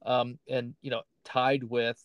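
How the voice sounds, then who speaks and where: A man's voice: medium pitch, little pitch movement, takes it slowly, clean tone, dry recording. Man chatting casually, dry close sound. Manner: conversational, hedging with "right?" and "like". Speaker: fantasy football podcast co-host. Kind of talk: casual chat.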